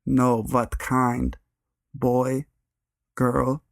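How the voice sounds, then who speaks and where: A pushy, insistent middle-aged woman , as a male narrator puts her on, speaking broken English with a heavy Russian accent. The voice stays gravelly and flat, with hardly any melody, and it sounds dry and close in a storytelling reading. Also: medium pitch, drawn-out words, no room sound. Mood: prying.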